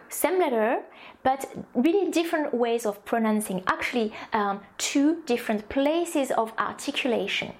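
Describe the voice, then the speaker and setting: A woman with a French accent teaches a recorded course in a slightly high voice. She is a native French speaker who explains each point step by step, pausing often with ums and small restarts. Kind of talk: recorded online course lesson.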